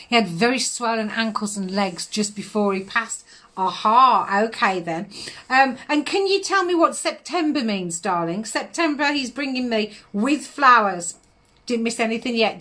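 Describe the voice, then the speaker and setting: A middle-aged woman gives psychic readings on a live stream, chatting away, laughing often, and calling viewers darling. Her voice is a little high and a bit bright.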